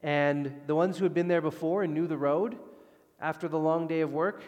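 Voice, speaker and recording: A man preaching a sermon, animated, moving between loud emphasis and hushed, calm passages. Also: fairly high pitch, moderate pace, lo-fi sound. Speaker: pastor. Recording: long hall reverb.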